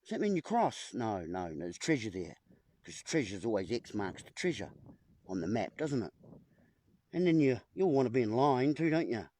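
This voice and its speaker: At home beside a whiteboard, a video host rambles to the camera in front of him, toying with puns and calling viewers "folks." His mid-range voice is dark in tone, moves at normal speed, and swings widely in pitch.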